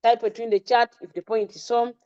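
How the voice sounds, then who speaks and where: Speaking fairly quickly in a high-leaning, steady, dark voice, this Ugandan-accented woman runs a live online class on trading settings. She keeps repeating the key terms and puts questions to her listeners. The sound quality is dull.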